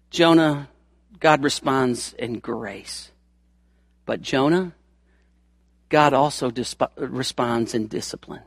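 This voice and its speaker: A man's voice: medium pitch, slow, long pauses, dry recording, clean studio sound. A man preaching a sermon in an emphatic, folksy way, acting out the scripture quotes as he goes.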